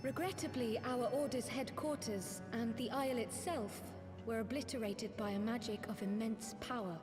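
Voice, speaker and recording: A woman's voice: a little high, moderate pace, natural voice. A woman voicing a polite, formal young scholar in a video game. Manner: formal, courteous. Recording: game audio with long reverb. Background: game music.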